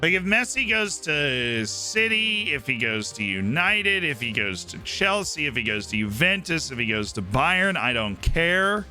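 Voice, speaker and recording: A man's voice: mid-range voice, sharp tone. A man streaming live, rambling through his opinions in casual chat and often checking in with "right?".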